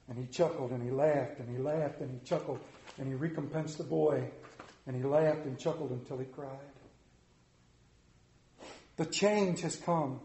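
A male pastor with a fairly high voice narrates a story and then leads prayer. He speaks with an earnest, rhythmic preaching cadence, and his voice rings around a roomy church. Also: moderate pace, warm tone. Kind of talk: sermon with story reading and prayer.

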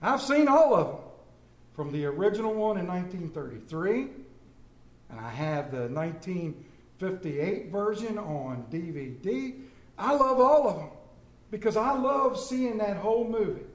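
Male preacher, hushed dramatic sermon, high mellow voice, echoey room. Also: expressive, a little slow.

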